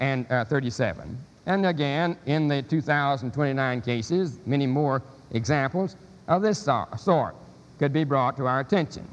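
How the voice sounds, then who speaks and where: A man giving a scholarly lecture, speaking haltingly with many fillers and restarts. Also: a little high. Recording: long hall reverb.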